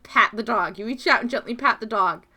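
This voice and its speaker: A woman streaming a video game, gasping and squealing with excitement, and murmuring quickly when she reads the game's text aloud. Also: on the high side, noisy background. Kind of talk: gaming livestream chat and reading game text aloud.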